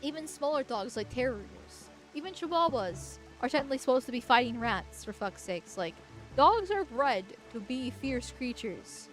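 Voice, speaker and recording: A woman streamer talking over her gameplay, rambling and crude, dropping swear words freely. Her voice sits high, with faint music running underneath. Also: big pitch swings, moderate pace. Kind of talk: gameplay commentary.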